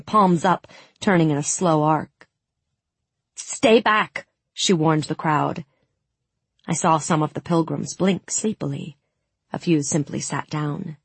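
A woman narrating a first-person fantasy audiobook in a measured way, giving the characters' lines some heat. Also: deep voice, husky, dry recording.

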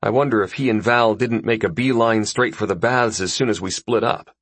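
A man narrating a first-person story in an expressive audiobook reading. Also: fairly low pitch, normal speed, breathy edge, dry recording.

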